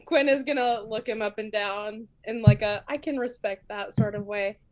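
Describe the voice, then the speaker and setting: A woman's voice: medium pitch, normal speed. A woman playing a tabletop game, playfully describing her character's actions and laughing often. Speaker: player. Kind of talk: tabletop role-play narration of her character.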